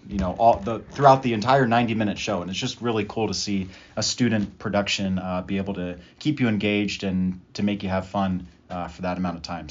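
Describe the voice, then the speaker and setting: A young man co-hosting a casual studio chat, relaxed and easygoing with filler words. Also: lowish voice. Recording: dull lo-fi studio recording.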